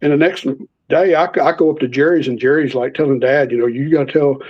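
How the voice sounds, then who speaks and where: Animated man telling stories. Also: fairly high pitch, fast. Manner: animated storyteller, acts out quoted voices. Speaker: podcast guest. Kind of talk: storytelling in casual interview. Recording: slightly muffled lo-fi audio.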